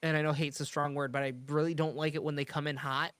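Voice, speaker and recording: A man's voice: fairly high pitch, flat delivery, fast, fairly bright tone, clear, resonant tone, dry recording. A man chatting casually on a podcast, rambling through a work story with many restarts. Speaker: podcast host. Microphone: streaming studio mic.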